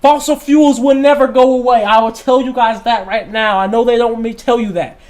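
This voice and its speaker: A man's voice: extremely high pitch, fairly even intonation, a little fast, darkish tone. A young man hosting a livestream, talking in a passionate, emphatic way and repeating his points. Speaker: livestream host. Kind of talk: casual livestream talk.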